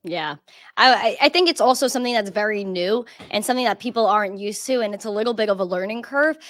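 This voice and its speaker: A woman's voice: medium pitch, fast, a bit bright, no echo, studio quality. An American woman co-hosting a crypto live stream, upbeat and casual, saying "like" a lot. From United States. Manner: upbeat, heavy use of "like". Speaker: crypto news show co-host.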